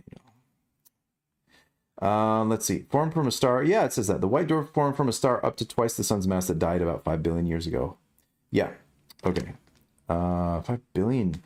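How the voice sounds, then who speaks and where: A man's voice: deep voice, a little mellow. A man streaming live, reading news stories aloud and riffing on them in a rambling, jokey, self-correcting way. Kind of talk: casual livestream news commentary.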